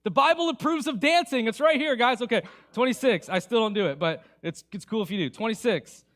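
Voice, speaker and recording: A man preaching a sermon as pastor in a church, conversational and animated, swinging between hushed passages and emphatic ones. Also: extremely high pitch, a little fast.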